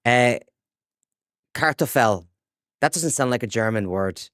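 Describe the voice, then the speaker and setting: An Irish man in his young adult years talks casually to his viewers as he plays. His voice sits at an ordinary pitch, close and dry on a desk microphone, upbeat and chatty. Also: expressive, a little fast, a bit bright, clear, resonant tone, dry recording. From Ireland. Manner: chatty, reads out chat and answers viewers, upbeat. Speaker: game streamer. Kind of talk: casual live-stream chat while gaming.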